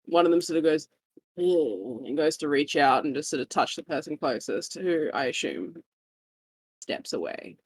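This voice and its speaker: A woman, game master of a tabletop game, brisk and chatty in her narration. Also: low-pitched, slightly rough, dry recording.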